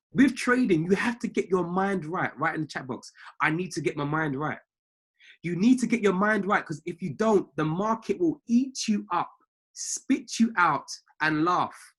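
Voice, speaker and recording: This is a trading mindset coach, a man whose voice is high and a bit rough. He's on a live call with traders from a family home, preaching emphatically and repeating key phrases.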